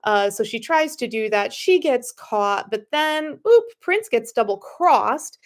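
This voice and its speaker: A woman's voice: on the high side, sing-song, slow pace. Sniffly woman reading her own story. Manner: chatty, with many fillers and restarts. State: slightly sniffly. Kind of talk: casual story introduction and reading.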